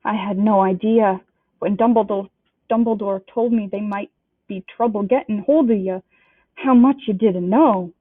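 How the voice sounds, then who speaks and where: A woman reading a storybook aloud and voicing a big, gruff, kindly male giant who blusters in a rustic dialect. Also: mid-range voice, normal speed, no echo, natural voice. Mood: worried. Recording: dry, tinny phone-like sound.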